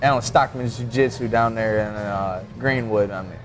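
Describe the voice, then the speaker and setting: A man's voice: on the low side, normal speed. Laid-back rambling male fighter guest. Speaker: guest, mixed martial arts fighter. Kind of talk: casual podcast chat.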